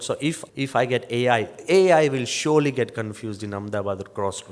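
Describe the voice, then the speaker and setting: An older man delivers a motivational sermon in a mid-pitched voice, moving easily between wry jokes and earnest advice. His voice rings with the long reverb of a large hall. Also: fairly quick. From England. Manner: lively storyteller with wry humor. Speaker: monk giving a motivational talk. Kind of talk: motivational sermon with humorous stories.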